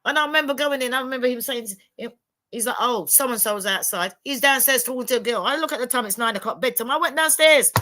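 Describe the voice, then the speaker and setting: Woman, fifties, bright clear voice, a little high, blunt and emphatic. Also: quick pace. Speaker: panel guest. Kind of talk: candid livestream chat.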